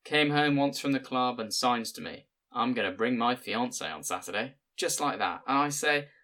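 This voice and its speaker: A man voicing a gruff, stern older village father who talks bluntly and scolds often. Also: medium pitch, expressive, sharp tone, voice pushed up. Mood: stern scolding. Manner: blunt, scolding, quick to lecture.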